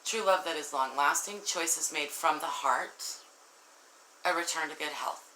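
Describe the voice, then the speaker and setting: Speaking at a measured pace in a low, bright voice, a woman gives a casual tarot reading, addressing her viewers directly. She is earnest, warm-hearted and emotional, tearful at times, and the room echoes with a faint hiss in the background.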